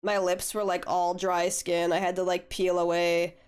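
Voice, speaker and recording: Hoarse young woman streamer, smooth low voice. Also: flat delivery, moderate pace, darkish tone. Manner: laid-back, swears casually, chats with viewers. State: hoarse from getting over a flu. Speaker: art streamer. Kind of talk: casual chat while drawing on stream.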